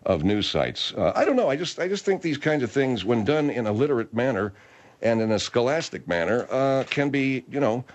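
A man's voice: mid-range voice, sing-song, brisk. A man hosting a radio talk show, rambling and hesitant as he chats. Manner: rambling, hesitant, lots of restarts.

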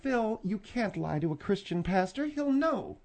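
Very high-voiced radio sidekick man. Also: sing-song, unhurried, darkish tone.

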